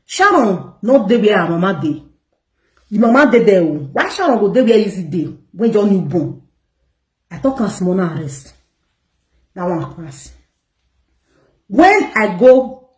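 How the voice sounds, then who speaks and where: A woman's voice: lowish voice, lively intonation, normal speed, darkish tone. Scolding Nigerian woman in an echoey room. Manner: emphatic, scolding, repeats words for stress. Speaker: online gossip show host. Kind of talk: ranting commentary to viewers.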